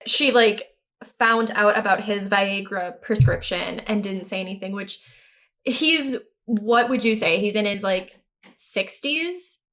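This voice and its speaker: A woman's voice: mid-range voice, slow, a bit bright. A woman co-hosting a podcast, retelling a movie plot in casual chat, swearing freely and acting out the lines. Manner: blunt, swears freely, laughs often, acts out lines. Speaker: podcast co-host.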